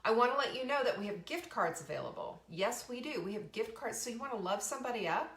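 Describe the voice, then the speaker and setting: A woman's voice: fairly high pitch, animated, fast talker, fairly bright tone. Woman host, middle-aged, enthusiastic chatty talk, echoey room. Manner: bubbly, enthusiastic, chatty with restarts. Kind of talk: live show, casual talk. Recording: roomy echo.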